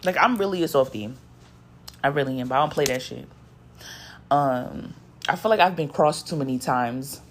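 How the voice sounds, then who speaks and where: A woman's voice: a bass voice, normal speed, pauses often, a little hiss or hum. A woman who gives spiritual readings, ranting bluntly to her followers and swearing constantly. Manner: blunt, profane and emphatic. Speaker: spiritual content creator and card reader. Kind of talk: unscripted rant to followers.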